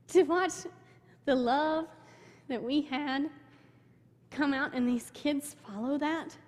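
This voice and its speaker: A woman's voice: high-pitched, slow pace, pauses often. Young woman telling a church story. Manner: emotional storytelling, quotes people in her own voice. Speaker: mission trip speaker. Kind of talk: personal testimony to a church. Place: church sanctuary. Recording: long hall reverb.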